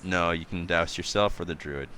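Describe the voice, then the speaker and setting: A man's voice: low voice, moderate pace, bright, forceful tone, a little hiss or hum. A man running a tabletop game as game master, loose and joking, laughing often.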